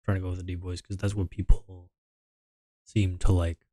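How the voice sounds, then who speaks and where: Male streamer, casual rambling chat, very low flat voice, dry close sound. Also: normal speed, no room sound. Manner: meandering, mumbling, trailing off.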